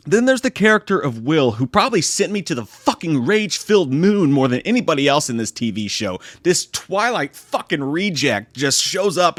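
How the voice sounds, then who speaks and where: Animated, sarcastic man ranting a review. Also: medium pitch, dry recording, studio quality. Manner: exasperated, sarcastic, heavy swearing. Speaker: movie reviewer. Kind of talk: profane comedic review rant.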